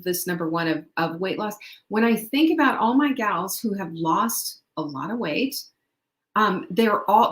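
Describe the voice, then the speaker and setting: Woman, middle-aged, host, motivational talk, chatty, upbeat, laughing, medium pitch, echoey room. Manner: chatty and upbeat, laughs often, asks the listener questions.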